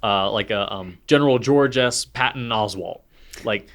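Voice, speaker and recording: A man's voice: on the low side, normal speed, fairly bright tone. A man in his thirties co-hosting a podcast, chatting casually and telling rambling, self-deprecating stories. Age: 30s. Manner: rambling, self-deprecating storyteller, acts out quotes. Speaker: podcast co-host. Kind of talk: casual chat.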